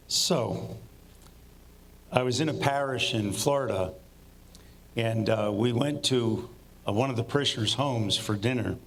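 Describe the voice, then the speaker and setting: A man's voice: medium pitch, vocal fry, a little hiss or hum. A man, a priest, telling a funny anecdote to an audience, with asides that build suspense.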